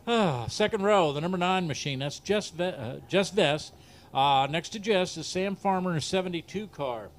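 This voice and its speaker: High-voiced Southern track announcer. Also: male voice. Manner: joking, laughs at himself, reads lineups briskly. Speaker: race announcer. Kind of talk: live race commentary. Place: outdoor dirt race track.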